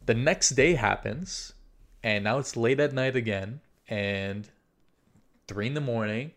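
A man's voice: mid-range voice, unhurried. A young man casually telling a story, rambling with lots of fillers, swearing freely and acting out his own inner thoughts.

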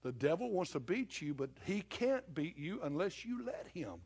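A middle-aged man preaching a sermon, impassioned, swinging between loud declarations and low, hushed asides. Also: sing-song, normal speed, hardly any pauses, husky. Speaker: pastor.

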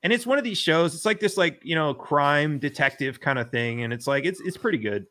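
Rambling, profane man on a bright-toned call. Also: a little high, lively intonation, a little fast. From United States. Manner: rambling, profane, full of fillers and restarts. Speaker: podcast host. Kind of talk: casual political chat.

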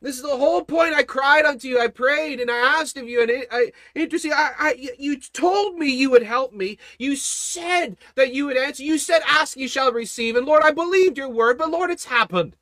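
A man voicing a frantic grieving dad crying out to God, voice pushed way up high and loud, words tumbling out, dry close sound. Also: no room sound. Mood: pleading. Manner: pleading, anguished, rushed. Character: desperate grieving father pleading with God.

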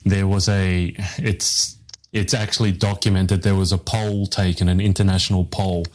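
A man's voice: sits low, little pitch movement, moderate pace. A man hosting a live interview show, telling rambling, self-deprecating stories to his guest over a video call. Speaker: podcast host, interviewer.

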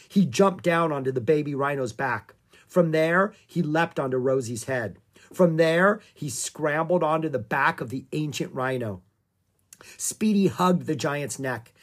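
An audiobook narrator reading a children's story aloud in a calm, expressive way. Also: mid-range voice.

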